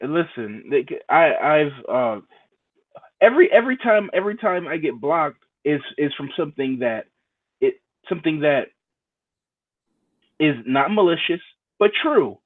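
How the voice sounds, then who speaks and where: A man's voice: a little high, very animated, a little slow, pauses often. A man hosting a casual chat show, talking bluntly and profanely, often stumbling over and repeating his words. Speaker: show host. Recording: tinny phone-like sound.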